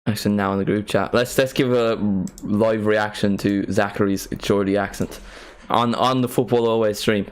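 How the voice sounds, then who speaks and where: A man's voice: fairly low pitch, steady tone, normal speed, hardly any pauses, clear, resonant tone. A young man hosting a football watchalong stream, chatting in a playful, rambling, jokey way. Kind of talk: casual live-stream chat.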